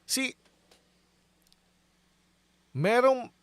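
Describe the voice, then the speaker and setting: A man with a Filipino accent giving casual commentary, switching between Tagalog and English, animated and quick to laugh as he reads verses aloud. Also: very high-pitched, clean tone. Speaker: online commentator.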